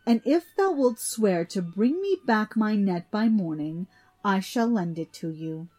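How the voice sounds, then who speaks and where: A woman's voice: mid-range voice, expressive, measured pace, dark tone. A woman doing a cold sea queen. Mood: bargaining. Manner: cold, curt. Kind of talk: storybook reading.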